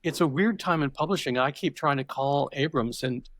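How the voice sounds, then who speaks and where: Here an older podcast guest tells interview stories in a reflective, meandering way, restarting sentences often. His pitch is fairly high, his speed normal. There is no echo.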